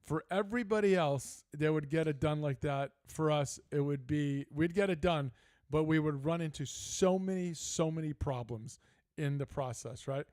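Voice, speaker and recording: An older man chatting on a sports talk show, telling everyday stories with lively asides. His voice sits fairly high for a man and sounds dry and close, with no room echo. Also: normal speed. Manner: storytelling, animated, laughing asides. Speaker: host. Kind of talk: casual chat.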